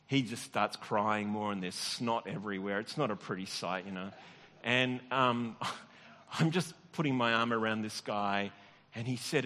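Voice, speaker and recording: A man's voice: mid-range voice, animated, normal speed, bright, forceful tone. A middle-aged man, a pastor, telling a personal story in a conversational, self-deprecating sermon with restarts and chuckles. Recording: long reverb of a large hall.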